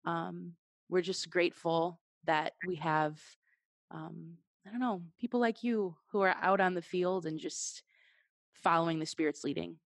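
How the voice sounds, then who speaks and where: A woman co-hosting a faith podcast in casual chat, talking warmly with lots of fillers and laughing easily. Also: fairly low pitch, unhurried, vocal fry, no echo, clean studio sound. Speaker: podcast co-host.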